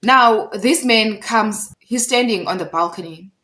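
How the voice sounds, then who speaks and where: In a rough recording, a young South African vlogger retells a conflict as a casual storytime. Her medium-pitched voice is bright and forceful, unhurried yet heated and emphatic, and she repeats her points for effect.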